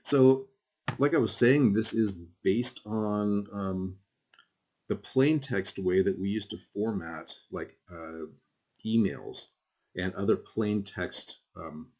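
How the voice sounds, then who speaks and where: A man's voice: lowish voice, slow, darkish tone. A man teaching a class while showing things on screen, talking casually and rambling, with frequent fillers and asides. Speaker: college instructor. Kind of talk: screen-recorded lecture.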